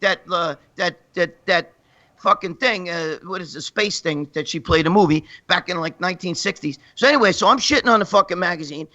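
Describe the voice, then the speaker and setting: Bright, high-voiced New man rambling. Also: fairly quick. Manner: profane, rambling, laughing through stories. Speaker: guest storyteller. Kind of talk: crude comic anecdote.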